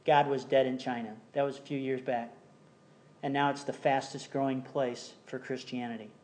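A man preaching a sermon in a church, reading scripture slowly and telling a story between verses, sometimes dropping almost to a whisper. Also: medium pitch, little pitch movement, darkish tone. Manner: reads scripture slowly, tells jokes, drops to near whisper. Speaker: pastor. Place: church sanctuary.

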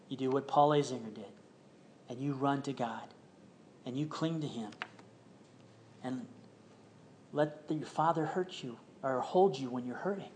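A man's voice: fairly high pitch, a little hiss or hum. Earnest older man preaching. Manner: earnest, compassionate, sometimes drops to a soft hush. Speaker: pastor. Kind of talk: sermon.

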